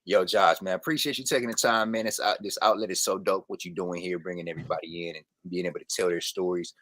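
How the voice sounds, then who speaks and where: A man with a very low voice talks as a guest on a casual podcast. He is relaxed and slangy and laughs easily. The sound is close and dry. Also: quick pace, dry recording. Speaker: sports reporter and guest.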